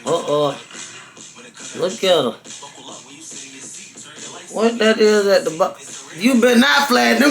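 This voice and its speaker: A man hosting a casual reaction video, excitable and laughing, breaking into sudden shouted exclamations. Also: high voice, normal speed, vocal fry, pauses often, faint music behind.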